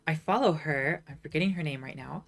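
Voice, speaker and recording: A woman's voice: low-pitched, a little fast. A woman chatting casually on a livestream, reading chat messages and answering with sarcastic asides. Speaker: streamer reading live chat.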